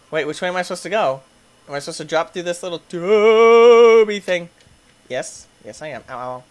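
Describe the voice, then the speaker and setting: A man's voice: high voice, normal speed, a little hiss or hum. A man giving playful let's play commentary, yelping, laughing and chatting with the characters on screen. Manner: excitable, yelps and laughs, talks to game characters. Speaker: gaming YouTuber.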